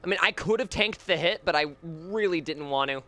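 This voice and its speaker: A young man giving excitable live gameplay commentary, swearing a lot and making jokey asides. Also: on the high side, fairly quick, soft background music. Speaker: streamer playing a horror game.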